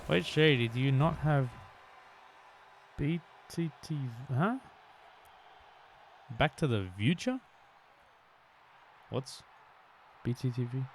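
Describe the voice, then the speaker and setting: A man's voice: mid-range voice, lively intonation, slow pace, long pauses, a little hiss or hum. Chatty male game streamer. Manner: chatty, self-deprecating, bursts into shouts. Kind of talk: live stream commentary.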